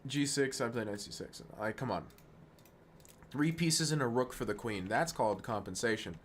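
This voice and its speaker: A man streaming chess, talking fast and self-mocking through move lines, dropping to quiet muttering when frustrated. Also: medium pitch, a little hiss or hum. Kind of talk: casual live-stream game commentary.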